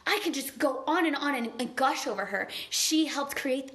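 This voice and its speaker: A woman speaks to her live-stream viewers in an earnest, gushing motivational talk. Her voice sits a little high and sounds bright and pressing. She talks in a loose, chatty way, full of "like.". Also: lively intonation, brisk. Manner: earnest, gushing and conversational, heavy on "like". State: tearful at times.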